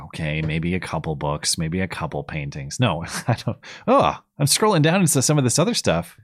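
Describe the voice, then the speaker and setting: A man hosting a live call-in show, relaxed, wry and questioning. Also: deep voice, moderate pace, no room sound. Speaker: host. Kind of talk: casual call-in chat.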